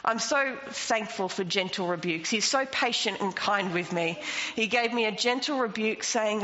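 A woman's voice: medium pitch, normal speed, pushed and bright. A woman preaching a sermon, emphatic and rising into passionate declarations. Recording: long reverb, dull lo-fi sound, faint noise.

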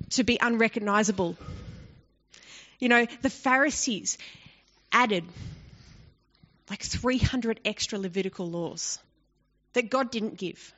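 A woman with a somewhat high voice leads a Bible study, explaining a passage in a relaxed, conversational way. She often turns to the listeners with rhetorical questions. The recording sounds dull and lo-fi. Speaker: bible teacher.

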